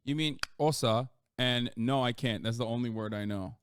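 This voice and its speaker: A man streaming live and chatting casually, rambling and swearing, his pitch leaping up when he gets worked up. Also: steady tone, a little fast, smooth. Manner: profane, rambling, with sudden loud jumps in pitch.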